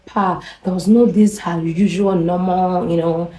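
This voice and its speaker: A young woman vlogger with a Nigerian English accent tells a story to camera in a chatty, confiding style, often repeating herself. Her low, mellow voice is steady and unhurried, but the audio is poor and the room echoey.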